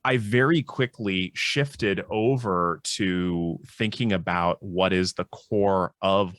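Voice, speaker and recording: Deep-voiced man, thoughtful panel talk. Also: takes it slowly, hardly any pauses, a bit bright, dry recording, clean studio sound. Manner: thoughtful, restarts often, lectures on history. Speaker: psychologist co-host. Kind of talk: casual panel discussion.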